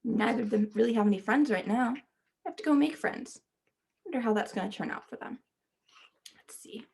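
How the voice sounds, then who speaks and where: A woman teacher reading a children's picture book aloud, stopping to gently ask her young listeners questions. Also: fairly high pitch, fairly quick, creaky, breathy edge. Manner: speaks to children as "friends".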